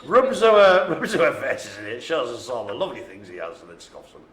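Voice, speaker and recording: Jokey bingo caller in an echoey room. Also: male voice, mid-range voice, brisk, a crowd in the background. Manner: jokey, animated, chatty with the room. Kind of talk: live-streamed bingo calling. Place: indoor care home lounge.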